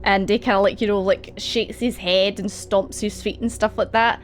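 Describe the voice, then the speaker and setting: A woman's voice: mid-range voice, fairly even intonation, moderate pace, slight background noise. A woman narrating as game master, hesitating often over fillers and laughing between lines. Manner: hesitant, filler-heavy, giggly.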